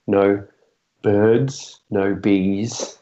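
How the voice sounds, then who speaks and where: A man's voice: on the low side, steady tone, very slow, mellow, muffled recording, a little hiss or hum. A man playing a character in a tabletop game, joking dryly. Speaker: player. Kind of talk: tabletop role-play in character.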